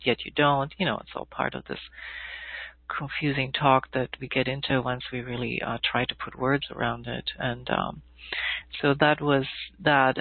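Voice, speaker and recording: A woman recounts a spiritual experience in a thoughtful, halting voice, often pausing with fillers. Her voice comes through narrow and tinny, like a phone line, with a dry sound and no room echo. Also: very deep voice, breathy edge. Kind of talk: reflective personal storytelling.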